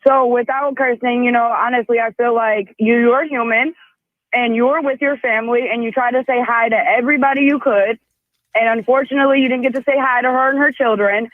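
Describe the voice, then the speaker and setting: A woman's voice: a little high, fairly even intonation, fairly quick, no echo. A woman calling in to a radio show, earnestly and insistently backing the host. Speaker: caller. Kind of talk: phone-in call. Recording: tinny phone line.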